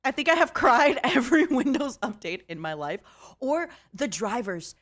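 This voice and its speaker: A young woman hosting a casual chat on her stream, giggly and animated, laughing often. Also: high voice, moderate pace. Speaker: VTuber host. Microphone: XLR microphone.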